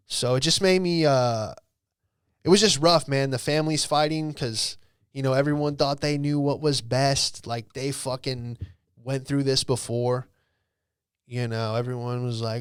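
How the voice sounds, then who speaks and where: A young man hosting a podcast, telling a personal story in a rambling, profane way full of "bro" and "dude", sometimes dropping to a hush. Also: mid-range voice, steady tone, measured pace, clear, resonant tone, no room sound, studio quality. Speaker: podcast host. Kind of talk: casual storytelling monologue.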